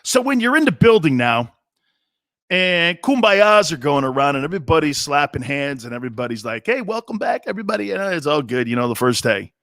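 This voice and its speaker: Middle-aged guy ranting on a sports show, high sharp voice, sarcastic and loud about it. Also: fairly quick, dry recording, studio quality. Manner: animated ranting, sarcastic, mocking mimicry. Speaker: sports talk show host. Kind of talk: opinionated sports commentary.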